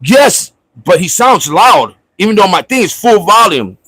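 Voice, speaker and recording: A man's voice: high-pitched, sing-song, moderate pace, pushed and bright, husky, no echo, rough recording. A man hosting a livestream in casual chat, ranting mockingly and swearing at a viewer. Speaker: livestream host. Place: at home in Florida.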